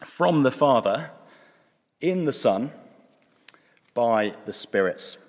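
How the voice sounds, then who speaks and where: A man preaching a sermon in a conversational way, with dry asides, slowing down for emphasis. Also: mid-range voice, lively intonation. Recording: long hall reverb.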